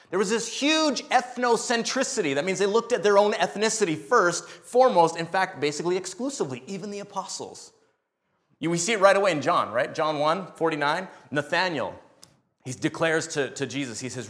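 A man preaching a sermon as a missionary, animated and joking, acting out voices in his stories. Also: high voice, brisk.

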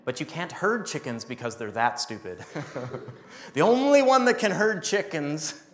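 A man's voice: a little high, measured pace, reverberant. A man preaching a sermon, telling stories with laughter and acting out what people said. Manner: animated storytelling with laughs and acted quotes. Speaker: pastor.

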